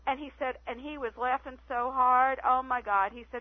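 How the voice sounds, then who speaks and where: A woman's voice: a little high, fairly quick, hardly any pauses. Chatty woman on a tinny phone line. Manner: chatty, animated storyteller. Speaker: guest. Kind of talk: phone-in radio interview. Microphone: telephone.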